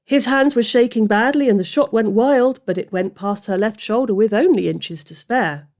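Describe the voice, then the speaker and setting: A woman reading a fantasy story aloud as narrator, steady and expressive. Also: a little high, normal speed. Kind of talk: audiobook fiction reading.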